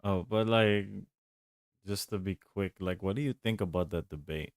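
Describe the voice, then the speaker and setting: A man's voice: deep voice, normal speed, dry recording, studio quality. A man streaming a game and chatting casually, rambling and laughing along the way. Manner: rambling, laid-back, chuckles often. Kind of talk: casual gaming stream chat.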